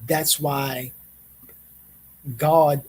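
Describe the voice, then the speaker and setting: A man hosting a reflective monologue, speaking in a measured way, repeating phrases and often checking in with "right?". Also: fairly high pitch, little pitch movement, slightly rough, low-quality recording. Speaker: host.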